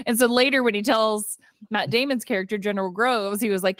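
A chatty woman co-hosts a movie podcast. She retells scenes in a lively storyteller's way, voicing the characters' lines and laughing along. Her voice is mid-pitched and close to the mic, and the room sounds dry. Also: fast talker, no room sound. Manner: chatty storytelling, acts out quotes, laughs often. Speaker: podcast co-host. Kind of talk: casual movie review chat.

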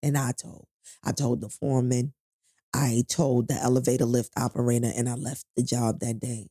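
In a clean studio recording with no room sound, a woman speaks in an extremely low, dark voice with a breathy edge. She's a middle-aged New Yorker being interviewed about her life, recounting a painful story with candor and profanity while acting out the voices of the people in it.

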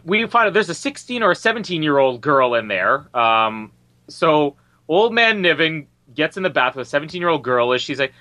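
A man in a casual film review chat, animated and laughing often. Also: a little fast, no echo. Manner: animated, laughs often, quotes lines in a higher voice. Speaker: podcast co-host.

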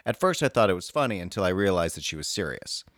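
A man's voice: low voice, big pitch swings, fast, a bit bright, no echo, clean studio sound. A man co-hosting a comedy advice podcast, reading letters aloud with a sardonic edge.

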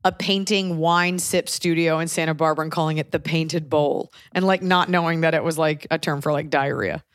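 A woman with a lowish voice hosts a casual podcast, spinning rambling, joking stories and tossing in the odd swear word. The mic is close and dry, with no room sound. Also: fairly even intonation, brisk, no room sound. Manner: chatty, loose storytelling with jokes and swearing. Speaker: podcast host. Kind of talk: casual chat.

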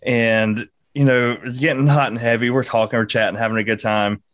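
A man's voice: mid-range voice, flat delivery, brisk, a bit bright, dry recording. A young man from Georgia co-hosting a podcast, telling a crude story with lots of laughter. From Georgia, USA. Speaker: podcast co-host. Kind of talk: casual podcast banter.

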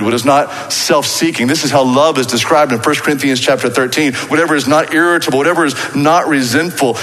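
A man's voice: a little high, fairly bright tone. A man preaching a sermon as pastor, earnest and rising to emphatic exhortation. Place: church sanctuary. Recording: long reverb of a church hall.

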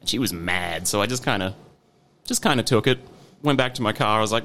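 A man's voice: fairly low pitch, expressive, brisk, a bit bright, slight background noise. A man co-hosting a podcast, telling a work story in a dry, casual way. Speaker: podcast co-host. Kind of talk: casual chat.

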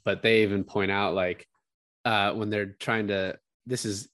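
A podcast co-host with a lowish voice talks casually about a film, speaking a little slowly. He's animated, acting out lines from scenes amid bursts of laughter, in a studio-quality recording with no room sound.

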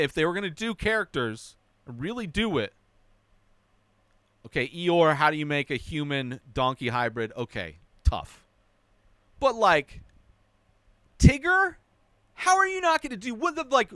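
Animated man ranting through a movie review. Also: no echo. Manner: animated, mocking impressions with high whiny voice. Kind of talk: casual spoken movie review.

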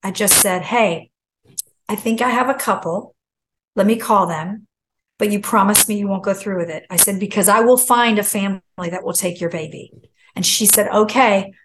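A woman's voice: mid-range voice, normal speed, a little hiss or hum, poor audio. Middle-aged woman telling a story animatedly. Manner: animated, acts out quoted voices. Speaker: guest. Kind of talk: casual storytelling.

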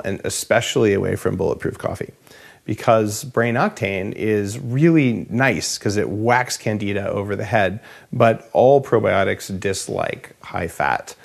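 A man hosting a health interview, talking in a relaxed, rambling, jokey way. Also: fairly low pitch, creaky. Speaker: podcast host. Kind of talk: casual interview chat.

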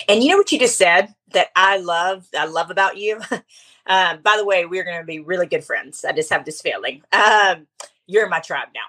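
A middle-aged woman chatting as a podcast guest, telling stories in an animated way with quick asides. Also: on the low side. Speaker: podcast guest, speaker coach. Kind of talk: casual interview chat.

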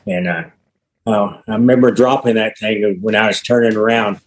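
A man's voice: lowish voice, fairly even intonation, poor audio. Easygoing Texan man in his sixties. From Texas. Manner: easygoing, halting with fillers and restarts. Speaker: guest, retired motorcycle racer. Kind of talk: casual interview chat.

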